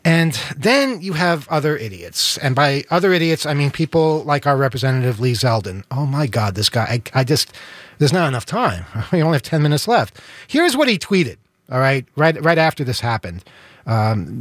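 A man's voice: medium pitch, big pitch swings, a bit bright, dry recording. Earnest New York man, dry sound. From Queens, New York. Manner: halting, many fillers, earnest. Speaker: show host. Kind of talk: political talk show chat.

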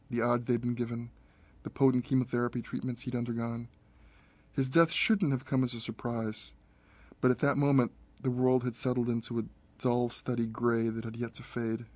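A man narrating a short story in a measured, steady way. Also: medium pitch, no room sound.

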